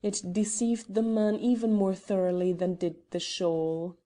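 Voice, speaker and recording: A woman reads a classic mystery audiobook in an even, measured way. Her voice is mellow and warm, set at a middling pitch. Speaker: audiobook narrator. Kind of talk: audiobook narration.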